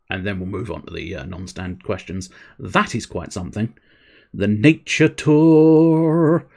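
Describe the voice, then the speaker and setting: A man's voice: lowish voice, vocal fry, breathy edge. Rambling, sweary man streaming. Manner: rambling, jokey, sweary, talking to chat. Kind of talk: casual live-stream chat while gaming.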